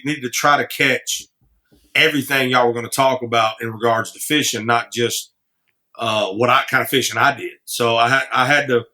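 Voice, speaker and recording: A man's voice: mid-range voice, bright, forceful tone. A man guesting on a podcast, a singer-songwriter telling rambling stories with many restarts. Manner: rambling, frequent restarts, laughs easily. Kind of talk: casual storytelling.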